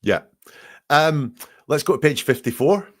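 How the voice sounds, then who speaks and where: A man's voice: fairly high pitch, expressive, unhurried, fairly bright tone. A man working as a statement analysis expert, reading quoted testimony aloud and picking apart the word choices in analytical commentary.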